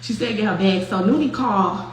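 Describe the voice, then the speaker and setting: A young woman hosting a show, telling a story in casual, profane, animated talk with frequent laughter. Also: medium pitch, a little fast. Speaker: host. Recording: very echoey room with faint noise.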